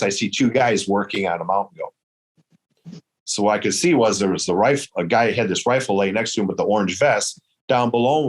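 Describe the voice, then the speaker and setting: A man from Michigan, telling a hunting story in casual chat, acting out the dialogue with lively quotes. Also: fairly low pitch. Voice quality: hard of hearing in one ear. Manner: animated, quotes dialogue in raised voice. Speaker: guest storyteller.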